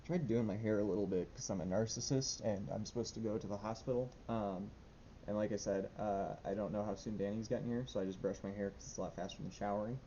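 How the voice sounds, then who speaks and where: A man's voice: steady tone, fast, mellow. A young man rambling nervously in a casual diary vlog, with lots of fillers and restarts. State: anxious. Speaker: vlogger. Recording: dull lo-fi with faint rumble.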